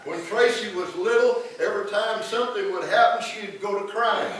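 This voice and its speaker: Picked up from far off in an echoey church, a middle-aged pastor preaches with folksy storytelling and acted-out quotes. His voice is high and a bit bright at a normal speed, with slight hiss or hum in the background.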